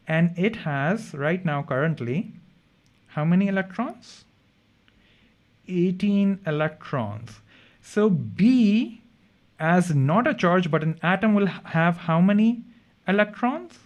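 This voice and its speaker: A man's voice: sits high, animated, takes it slowly. A young man tutoring chemistry in a casual revision lesson, chatty and thinking aloud as he corrects himself mid-sentence.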